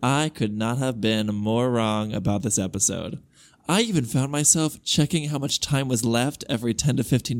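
Podcast co-host, male, reads fan email in an even voice, dry asides. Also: mid-range voice. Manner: casual, wry asides. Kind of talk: reading listener emails aloud.

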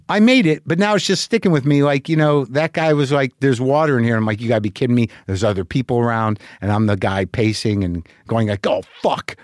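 A man's voice: a little high, no echo, studio quality. A man hosting a show, telling a long rambling story full of swearing and self-deprecation. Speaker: podcast host. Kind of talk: monologue.

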